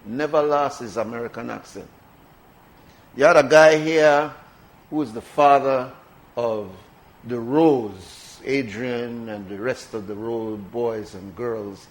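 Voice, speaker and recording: A man's voice: mid-range voice, slow pace, rough recording. Belizean man hosting a radio show. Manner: conversational, emphatic with repetition. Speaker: radio talk show host. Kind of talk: casual radio chat.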